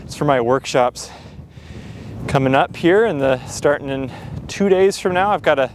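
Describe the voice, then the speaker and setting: A man's voice: on the high side, moderate pace. A man vlogging outdoors on windy tundra as a wildlife photographer, enthusiastic and rambling, with lots of fillers and a bit out of breath. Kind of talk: casual vlog to camera.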